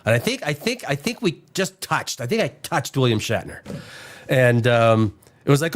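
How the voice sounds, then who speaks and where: A man's voice: mid-range voice, big pitch swings, normal speed. A man hosting a casual chat, rambling and cursing with many restarts. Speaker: host.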